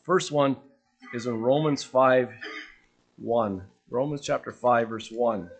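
A man preaching a sermon, earnest and questioning, letting his voice drop softly at the ends of phrases. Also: mid-range voice, slow, breathy edge.

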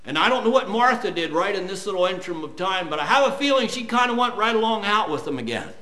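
Man preaching, high voice, swinging pitch, bright tone, slow scripture reading. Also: animated. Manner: reads scripture slowly, then rises to loud emphatic preaching. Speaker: pastor. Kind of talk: sermon.

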